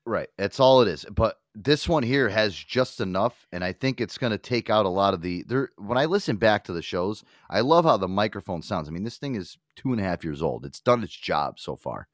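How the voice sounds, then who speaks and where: A man's voice: fairly low pitch, lively intonation, fairly quick, few pauses, no echo, clean studio sound. A man hosting a podcast, rambling casually with swearing and frequent laughs. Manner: rambling, profane, laughs easily. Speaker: podcast host. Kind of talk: casual chat.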